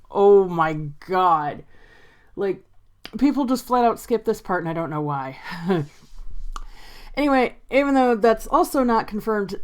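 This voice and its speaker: Woman ranting in a commentary vlog, sarcastic and fed up, mid-pitched voice, sighs a lot. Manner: exasperated, sarcastic, laughs and sighs often. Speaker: video creator.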